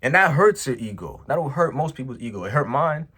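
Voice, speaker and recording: A man's voice: medium pitch, a little fast, husky. A man, a business owner, telling a personal story in a casual, emphatic vlog monologue, full of slang. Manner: animated, emphatic, slangy, says "bro".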